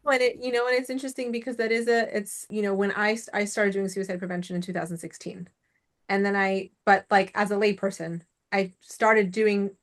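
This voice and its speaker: A woman's voice: medium pitch, little pitch movement, fairly quick. A young adult woman hosting an interview, talking casually and filling her speech with "like" and "you know.". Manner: chatty, many "like" and "you know" fillers. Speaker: podcast host, suicide prevention educator.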